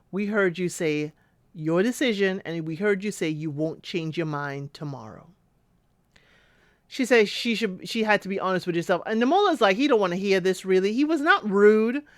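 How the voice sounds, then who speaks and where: A woman's voice: medium pitch, animated, normal speed, dry recording, studio quality. A woman recapping a reality show in casual commentary, chatty and talking back to the people she describes. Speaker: recap host.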